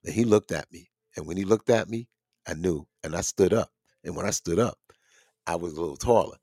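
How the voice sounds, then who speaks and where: A man's voice: low-pitched, a little fast, a little mellow, no room sound, studio quality. A middle-aged man hosting a show, telling a story in a casual, rambling monologue with blunt, profane street talk. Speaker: podcast host.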